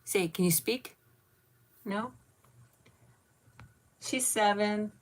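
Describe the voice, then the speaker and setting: A woman's voice: mid-range voice, extremely slow. A woman in her fifties hosting a casual live chat, cooing baby talk at her pet and thanking viewers by name. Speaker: channel host.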